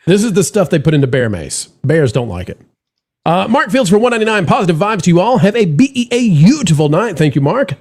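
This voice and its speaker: A man's voice: high-pitched, fairly quick. A man hosting a live stream, chatting jokily and reading out donations. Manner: animated, jokey, reads donations aloud. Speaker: show host. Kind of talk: casual live-stream chat.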